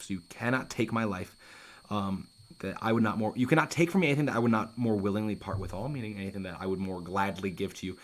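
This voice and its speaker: A man teaching a Shakespeare play, reading lines aloud and paraphrasing them in casual, lively asides. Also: on the low side. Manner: lively, casual asides, often restarts and says um.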